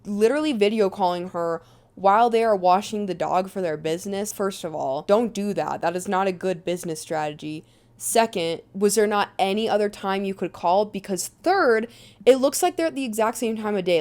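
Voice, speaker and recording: A woman's voice: lowish voice, a little mellow. Sarcastic young woman recapping a movie. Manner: sarcastic, chatty, quick asides.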